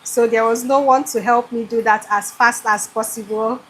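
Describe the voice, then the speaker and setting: A woman's voice: on the high side, steady tone, moderate pace, a bit bright, slight background noise. A Nigerian woman hosting a live cooking stream from her home kitchen, talking to her viewers in an effusive way, with a generator running behind her. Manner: effusive, talks straight to viewers. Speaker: cooking show host.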